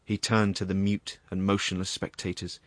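Grave low-voiced male narrator. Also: level tone, dry recording. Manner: measured, grave. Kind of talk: scripted narration of a classic story.

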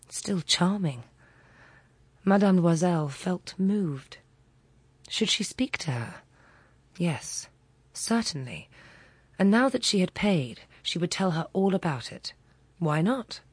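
A woman reads a classic story aloud, slow and deliberate, with dramatic weight on each phrase. Her voice is low-set and breathy, and the sound is close and dry. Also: no room sound. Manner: measured, dramatic, softly breathy. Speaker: audiobook reader. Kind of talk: scripted literary narration.

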